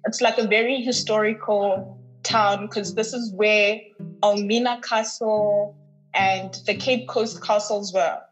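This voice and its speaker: A woman, a podcast guest, tells her story with heartfelt emphasis and often repeats words for weight. Her voice sits at an ordinary middle pitch, with faint music playing underneath. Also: steady tone, takes it slowly, highs cut off. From North West, South Africa. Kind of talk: personal storytelling in an interview.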